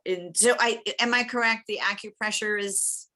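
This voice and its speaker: A bright, clear-toned woman talks through a speech evaluation over a video call. She is chatty and encouraging, with quick asides where she acts out what she thought. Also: mid-range voice, steady tone. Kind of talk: spoken feedback on a speech.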